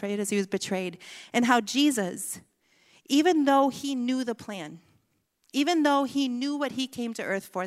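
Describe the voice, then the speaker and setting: Woman, earnest sermon testimony, mid pitch, long hall reverb. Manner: emotional and earnest, dropping soft on key words. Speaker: speaker giving a testimony. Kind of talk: sermon-style personal testimony.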